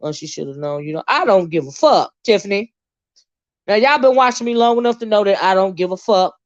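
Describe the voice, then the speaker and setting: A woman rants on a live stream, swinging between loud, heated outbursts and low, muttered asides. Her voice sits at a middle pitch. The audio is dry and a little muffled. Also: lively intonation, fairly quick, no room sound. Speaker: channel host ranting to live viewers. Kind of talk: live stream rant, casual and profane.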